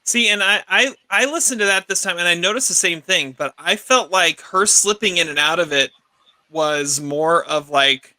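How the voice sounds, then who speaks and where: Bright, dry-sounding male podcast host. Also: high-pitched, moderate pace, no room sound. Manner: restarts sentences, animated when arguing. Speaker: podcast co-host leading the segment. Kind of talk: casual film discussion.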